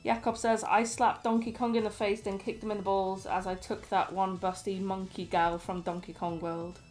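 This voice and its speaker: A woman's voice: medium pitch, little pitch movement, moderate pace, darkish tone, soft background music. A woman co-hosting a stream, reading chat messages aloud and tossing in dry, teasing jokes.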